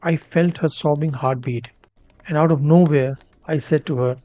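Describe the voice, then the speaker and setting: A man reading a first-person short story in a measured way, sometimes stumbling and restarting a word. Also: a little high, steady tone, dark tone, no echo. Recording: dull lo-fi dry recording.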